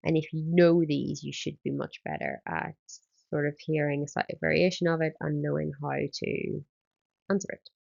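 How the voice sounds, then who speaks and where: A woman's voice: sits low, animated, moderate pace, gravelly, darkish tone, dull audio. A woman, a Spanish teacher, explaining exam answers step by step in a recorded lesson and often starting with um.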